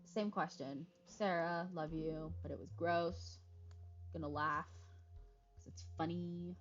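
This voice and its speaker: In slightly dull lo-fi stream audio with faint background music, a woman with a lowish, fairly even voice talks at a slow pace. She reads the game's dialogue options aloud, swears a lot, and cracks casual jokes.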